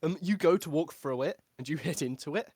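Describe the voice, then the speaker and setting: A man's voice: fairly high pitch, fairly quick, a little mellow, a little hiss or hum. A man narrating a tabletop game as game master, joking and laughing often.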